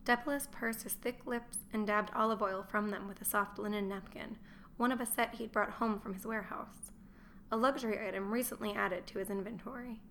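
A woman reads a historical novel aloud in a steady, measured way. Her voice sits mid-range, and a faint hiss of background noise runs under it. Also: mid-range voice. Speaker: audiobook narrator. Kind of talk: scripted narration.

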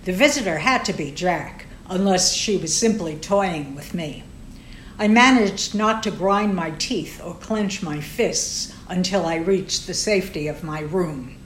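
A woman reads a first-person novel aloud with wry, sardonic bite. Her voice sits fairly low and echoes through a roomy space, with faint ambience hanging behind it. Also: a little slow, a little hiss or hum. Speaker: audiobook narrator. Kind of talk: first-person fiction narration. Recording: roomy echo.

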